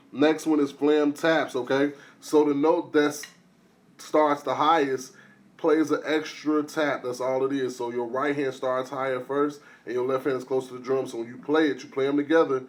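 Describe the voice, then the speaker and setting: A man teaching drum rudiments in a casual lesson, explaining step by step and counting the strokes out loud. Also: mid-range voice, level tone, normal speed. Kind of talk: casual instructional talk.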